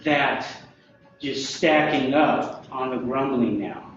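A man's voice: medium pitch, slow, a bit bright, heavy reverb, muffled recording, faint music behind. A man leading an interactive Bible lesson, asking his listeners questions and laughing often. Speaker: Bible study teacher.

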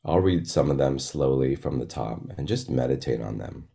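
A man preaching in a slow, meditative way. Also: a bass voice, animated, creaky, dark tone. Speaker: pastor. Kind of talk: sermon.

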